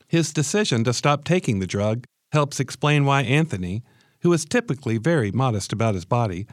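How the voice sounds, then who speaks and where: A man giving measured scripted documentary narration. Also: medium pitch, animated, no room sound, studio quality.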